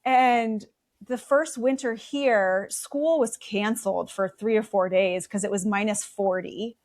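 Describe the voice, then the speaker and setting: A middle-aged woman from South Dakota with an Upper Midwest accent, telling stories chattily in a relaxed interview, acting out the voices she quotes. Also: medium pitch, a little slow. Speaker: guest. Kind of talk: casual conversational storytelling.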